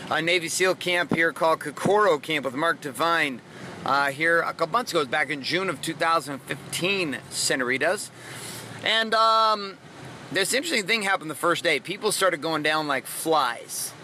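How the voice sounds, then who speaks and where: A man's voice: on the high side, bright, forceful tone, a little hiss or hum. A man in his thirties hosting a motivational podcast, talking bluntly and energetically with plenty of swearing. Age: 30s. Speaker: podcast host, coach. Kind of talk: motivational monologue.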